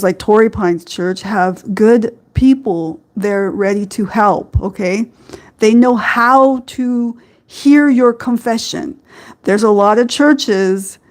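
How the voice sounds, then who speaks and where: A woman with a medium-pitched, somewhat mellow voice hosts a live-streamed faith podcast. She talks earnestly and rambles a little, with frequent fillers and small laughs.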